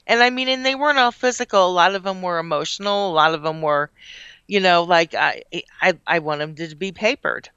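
A woman in her forties speaks in a bright, smooth, resonant voice as co-host of a casual chat. She gives advice in a confident, matter-of-fact way. The recording is dry and a little dull. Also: lowish voice, a little fast, no echo.

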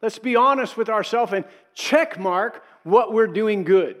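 A man's voice: high voice, a little slow, a bit bright, long reverb tail. A middle-aged male pastor preaching a sermon in a conversational way, acting out quotes and adding asides.

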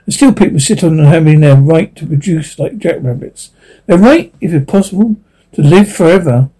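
A calm elderly doctor who explains things at length, patient and persuasive, as a man reads him aloud. The voice is mellow and a little husky, and it sits slightly higher than most men's. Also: moderate pace, low-quality recording. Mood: lecturing. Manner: persuasive, lecturing.

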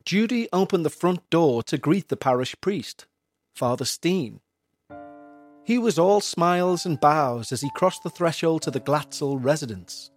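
A man's voice: fairly high pitch, animated, unhurried. Man narrating a horror story. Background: faint music.

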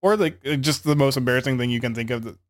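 A man's voice: medium pitch, racing. Rambling young man on a podcast. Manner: rambling, filler-heavy, swears casually. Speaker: podcast co-host. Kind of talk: casual chat.

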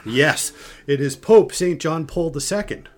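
An older man, a podcast host and grandfather, telling stories in a casual, animated way and often restarting his sentences. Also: fairly high pitch, measured pace. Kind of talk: casual storytelling chat.

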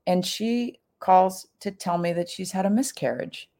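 A woman's voice: measured pace, warm tone. A middle-aged woman telling a personal story in a chatty, casual way, full of fillers and acting out what people said. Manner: chatty, full of "like" fillers, acts out quoted lines with big pitch jumps.

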